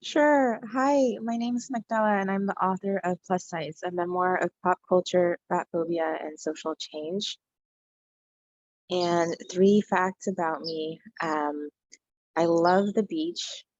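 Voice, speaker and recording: A woman guest author answers in a casual, hesitant way, filling her speech with ums and likes. Her voice is on the lower side. The recording is slightly dull and dry. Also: fairly even intonation, slow pace, darkish tone, no echo.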